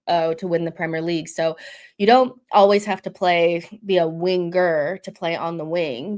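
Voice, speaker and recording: A young woman with a low voice hosts a casual football live stream. She reads out viewer comments and teases them back in a chatty, offhand way.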